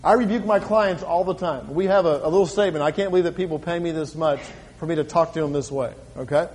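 A middle-aged pastor preaching with a fairly high voice, stretching out scripture verses with slow emphasis before easing into quiet, conversational asides. His voice carries a long reverb from the church hall around him. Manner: reads scripture aloud slowly and emphatically, then drops to a quiet conversational tone. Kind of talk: sermon.

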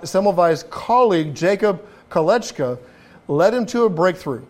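A man preaching a sermon as a pastor in a conversational way, often restarting his phrases and asking the listeners rhetorical questions. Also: high voice. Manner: frequent restarts and repeated words.

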